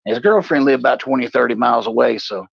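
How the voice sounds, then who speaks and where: A gravelly, husky man in his forties tells a raunchy story with lots of swearing. He co-hosts a casual talk show, and the sound is dry and dull. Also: quick pace, dry recording. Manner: profane, animated storyteller, puts on high voices for quoted people. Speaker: podcast co-host.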